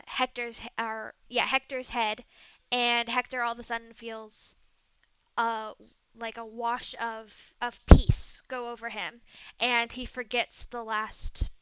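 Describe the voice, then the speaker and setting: A woman's voice: a little high, fairly bright tone, clean tone, no room sound. A woman game master casually narrating a tabletop role-play game. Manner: casual narration with fillers and restarts. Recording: dull lo-fi mic.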